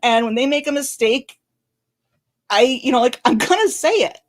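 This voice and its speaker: Woman host on camera, tearful, fast and blunt, fairly high voice, frequent apologies. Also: animated. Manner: fast, blunt, candid talk with many apologies and restarts. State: tearful, crying on and off. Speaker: channel host commenting on a legal case. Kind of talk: emotional live-stream commentary. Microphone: camera recording.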